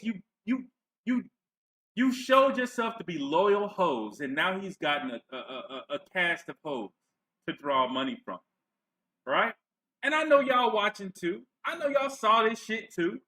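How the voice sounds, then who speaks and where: A man delivers a mocking, profane commentary rant in a bright, forceful voice that sits a little high. His microphone clips, set a bit away from his face. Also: animated, fairly quick, low-quality recording. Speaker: commentary vlogger. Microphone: clipping mic held away from face.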